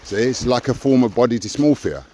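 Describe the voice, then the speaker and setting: A man's voice: medium pitch, lively intonation, a little fast, a little mellow, a little hiss or hum. An older man talking earnestly in a raw personal conversation, stressing points with "you see". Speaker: podcast co-host.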